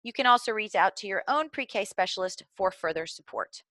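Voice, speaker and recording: A woman's voice: mid-range voice, lively intonation, fairly quick, pushed and bright, dry recording. A middle-aged woman with a Southern American accent, explaining early literacy skills to teachers in an earnest, instructional way. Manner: earnest, explanatory, occasional fillers and restarts.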